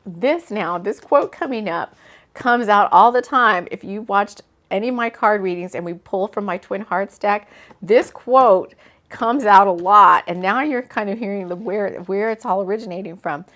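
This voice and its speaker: A woman, an author, reading her own book aloud in a relaxed way, breaking off for casual asides. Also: medium pitch, normal speed. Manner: chatty, laughs at her own slips and comments mid-reading.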